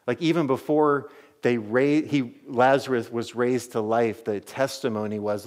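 A man's voice: mid-range voice, normal speed, darkish tone. A man preaching a sermon to his church as pastor, telling the story animatedly with many casual "like"s.

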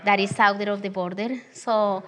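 A woman's voice: medium pitch, fairly even intonation, normal speed, fairly bright tone. Woman preaching with a Spanish accent. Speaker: guest preacher. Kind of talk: sermon. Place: small church.

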